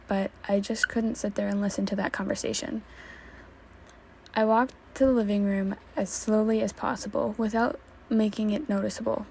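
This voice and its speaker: Woman reader, casual fanfiction narration, mellow, gravelly. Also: medium pitch, a little hiss or hum. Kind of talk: reading fanfiction aloud.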